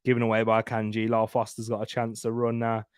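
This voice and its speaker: Fast and monotone, the young watchalong host speaks in a fairly low, clear, resonant voice while giving casual commentary on a live football match. He banters, chats and laughs often. Studio quality, no echo.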